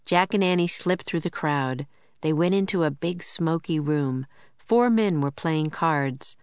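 Low-voiced woman narrating a storybook. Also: no room sound. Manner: measured, clear storytelling. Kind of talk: audiobook narration.

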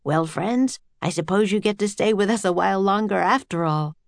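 A woman's voice: mid-range voice, normal speed, creaky, no echo, natural voice. Polite young ship scientist, friendly and helpful, read by a woman. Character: kind young male sailor-scientist, polite.

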